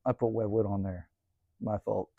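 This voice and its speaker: A man's voice: lowish voice, moderate pace, vocal fry, no room sound, phone-quality sound. A man casually telling a story by a woodstove, laid-back and cursing freely, close to the mic. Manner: laid-back, swears freely, animated when retelling. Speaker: cabin vlogger.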